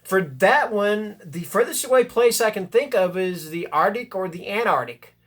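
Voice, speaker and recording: This man's voice sits high and sounds animated and fairly bright, moving at a moderate pace. He's a booktuber chatting informally about books, wandering and self-correcting, reading blurbs and flaring up with enthusiasm.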